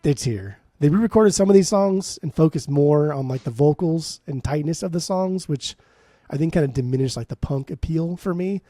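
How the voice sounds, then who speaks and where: A man with a mid-range, mellow, warm voice gives offhand opinions on albums in a relaxed podcast chat. He swears casually and keeps his tone easygoing. The sound is dry, with little room. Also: fairly high pitch, moderate pace, no echo. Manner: laid-back, profane, offhand. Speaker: podcast co-host. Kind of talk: casual music review chat.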